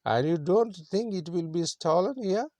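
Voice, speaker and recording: A man's voice: high-pitched, expressive, moderate pace, mellow, dry recording, voice pushed up. A man voicing an anxious, strange foreign tourist with a put-on foreign accent. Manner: fussy, worried.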